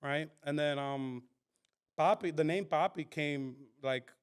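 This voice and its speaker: A man on a podcast as a guest, telling his story in a casual, animated and profane way. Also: fairly high pitch, slow pace, smooth. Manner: animated, profane, full of fillers and quoted dialogue. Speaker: podcast guest, content creator.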